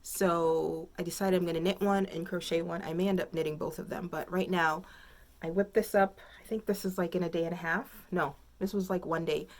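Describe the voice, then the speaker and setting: A woman's voice: lowish voice, fairly even intonation, fairly quick. A woman hosting a crafting video podcast from home, chatting casually and thinking aloud, rambling with many fillers. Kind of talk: casual chat.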